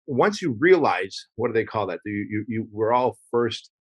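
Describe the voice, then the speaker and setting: A man's voice: lowish voice, lively intonation, moderate pace, no echo. A man speaking as a podcast guest in casual, emphatic conversation, often acting out quoted exchanges and swearing casually.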